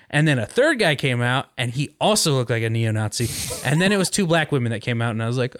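A man spinning a rambling story on a podcast, full of likes and ums. His voice sits at a middle pitch and is recorded close and dry, with no room sound. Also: animated, a little fast, a bit bright, dry recording. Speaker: podcast host. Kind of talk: casual podcast chat.

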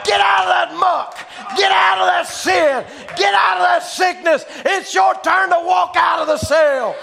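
A preacher acting out a merciful king in a sermon story, shouting royal commands. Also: very high-pitched, unhurried, gravelly, a crowd in the background, background noise, voice pushed up, heavily acted. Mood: commanding.

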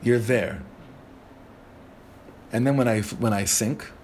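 A man teaching a Torah class conversationally, an animated manner and lots of questions put to the group. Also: medium pitch, slow pace, a little hiss or hum. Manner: animated, asks the group questions, many restarts.

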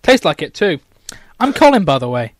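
A young man reading as a loud, clueless British lad. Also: on the high side, big pitch swings, moderate pace, dry recording. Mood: chirpy.

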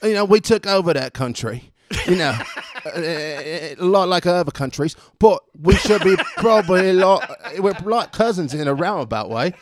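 A man's voice: sits high, expressive, normal speed. A man playing a chummy pub bloke. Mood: jovial.

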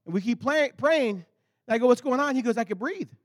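A man preaching a sermon, telling a story with animated swings between loud bursts and low, intense stretches. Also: brisk. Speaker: pastor.

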